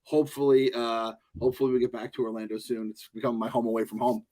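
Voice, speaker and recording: A man's voice: medium pitch, little pitch movement, quick pace, mellow. A man co-hosting a podcast, telling rambling, profane stories in casual chat. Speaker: podcast co-host.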